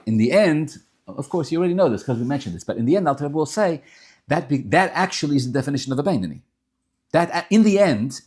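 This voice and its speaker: A man giving an informal Torah class, talking in animated, emphatic bursts with frequent restarts and Yiddish and Hebrew terms mixed in. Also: medium pitch. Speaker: rabbi teaching Tanya.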